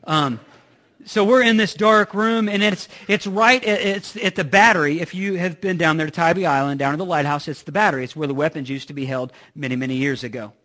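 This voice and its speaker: High-voiced pastor telling stories. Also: male voice, fairly quick, bright, forceful tone. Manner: conversational, joking asides, frequent "like". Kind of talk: sermon with personal storytelling.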